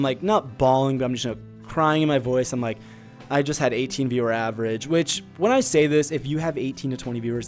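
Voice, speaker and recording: A male podcast host and streamer talking openly about his own experiences, loose and conversational, dropping "like" all the time. His voice sits at an ordinary middle pitch. Soft guitar music plays quietly underneath. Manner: candid and confessional, many filler likes. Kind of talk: casual personal storytelling.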